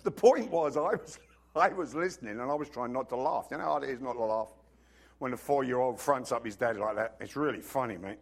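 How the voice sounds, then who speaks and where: A man preaching a sermon as pastor, telling stories with sudden swings from loud bursts to hushed asides, and he has a cough. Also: mid-range voice, a little fast, vocal fry.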